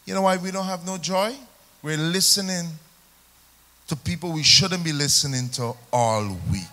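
A man with a Jamaican accent preaching a sermon as pastor, calling for responses from the congregation and swinging between loud emphasis and quiet asides. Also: on the high side, normal speed. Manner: call-and-response preaching, rising and falling emphasis.

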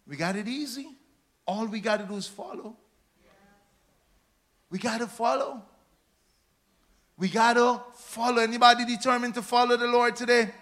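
High, bright-voiced preacher man. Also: steady tone, moderate pace, long pauses. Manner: dynamic, swings from hushed to shouting; preaching call-and-response, rhetorical questions. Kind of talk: sermon.

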